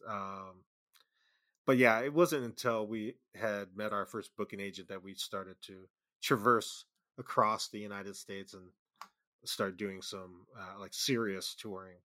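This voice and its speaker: A man's voice: lowish voice, steady tone, measured pace, sharp tone. A man being interviewed, telling rambling road stories with lots of fillers and restarts. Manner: rambling anecdotes with frequent fillers and laughs. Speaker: guest musician and label founder. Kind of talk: casual interview storytelling.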